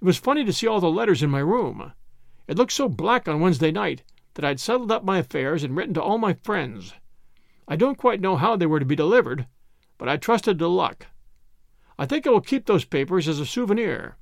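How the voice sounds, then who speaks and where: A man voicing a weary young Englishman speaking slowly and reflectively. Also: high-pitched, sing-song, gravelly, no echo, clean studio sound, full character voice.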